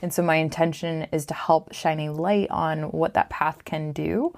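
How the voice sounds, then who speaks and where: A woman's voice: low voice, fairly even intonation, normal speed, a little mellow. A woman co-hosting a relationship podcast, speaking in an earnest, reflective way. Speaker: podcast co-host. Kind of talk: casual podcast chat.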